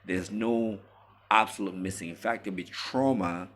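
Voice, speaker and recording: Male commentator, low pitch, preachy and emphatic, talking straight to the viewer. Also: steady tone, moderate pace, a bit bright. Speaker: relationship commentator. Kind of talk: monologue to camera.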